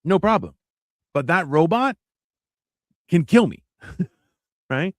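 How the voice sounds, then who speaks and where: Guy rambling on a podcast, kinda high voice, acts out voices, dead dry sound. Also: big pitch swings, slow pace, dry recording. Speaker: podcast co-host. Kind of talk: casual profane chat.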